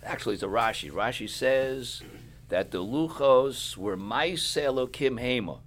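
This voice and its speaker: A middle-aged man speaking as a rabbi, giving a sermon to yeshiva students, clearing his throat often, repeating for emphasis, and sounding tired. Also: medium pitch, animated, moderate pace, fairly bright tone, slight background noise.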